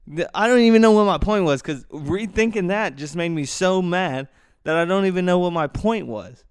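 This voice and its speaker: A man's voice: high-pitched, expressive, normal speed, smooth, dry recording. A man hosting a solo podcast, rambling casually into a close microphone, swearing freely and breaking into rants. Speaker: podcast host. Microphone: microphone close to mouth.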